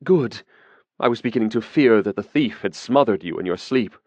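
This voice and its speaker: A man's voice: on the low side, animated, normal speed, a little mellow, no echo, muffled recording. A man voicing a cold, fretful mage in an audiobook, grim and clipped, with a threatening edge. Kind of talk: audiobook character voice.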